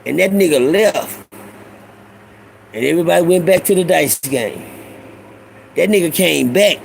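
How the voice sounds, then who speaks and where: A middle-aged man, telling street stories to his listeners in a loose, profane, animated way. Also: on the high side, measured pace, vocal fry, a little hiss or hum, poor audio. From Houston, Texas. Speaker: storyteller host. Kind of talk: casual storytelling monologue.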